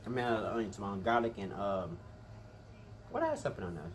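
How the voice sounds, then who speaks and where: A man hosting an eating vlog, chatting casually and very quickly with lots of energy. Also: fairly low pitch. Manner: rapid, animated, chatty, says he talks fast. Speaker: mukbang host.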